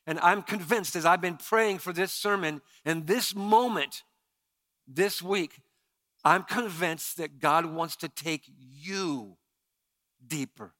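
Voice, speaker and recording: Bright-voiced pastor preaching animatedly. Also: male voice, slow pace. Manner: animated storytelling with repeated stammered restarts; drops to a quiet low voice for emphasis. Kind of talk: sermon. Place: church sanctuary.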